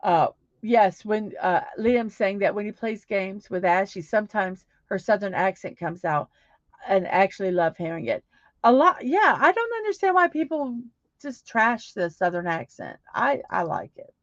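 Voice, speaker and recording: A woman's voice: mid-range voice, sing-song, a little slow, no echo, muffled recording. Rambling middle-aged woman livestreaming. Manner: rambling, many fillers and restarts. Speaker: livestream host. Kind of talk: casual chat reading viewer comments.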